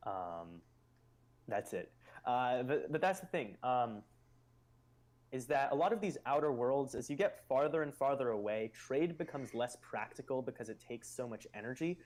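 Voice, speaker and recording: A man hosting a live stream in casual explanatory chat. He muses aloud and speculates, with loose fillers between his points. His voice sits at a middling pitch for a man. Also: animated, normal speed, darkish tone.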